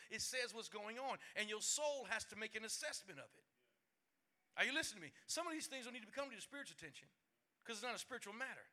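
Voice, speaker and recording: Animated, bright-voiced male pastor preaching. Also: sits high. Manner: animated storytelling with laughter and acted-out quotes; folksy, colloquial preaching. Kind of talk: sermon.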